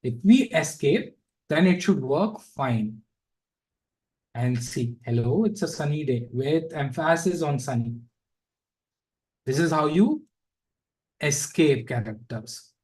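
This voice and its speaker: Man, coding instructor, fairly high voice, unhurried, chatty with asides. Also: lively intonation, darkish tone, low-quality recording. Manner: casual, thinks aloud with fillers and asides. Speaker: programming instructor. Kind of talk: live coding lesson.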